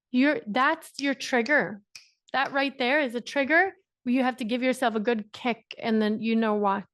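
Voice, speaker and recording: Irish woman with a high voice leading a punchy motivational coaching session. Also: unhurried, dry recording, studio quality. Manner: emphatic, repetitive, laughs often. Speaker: business coach.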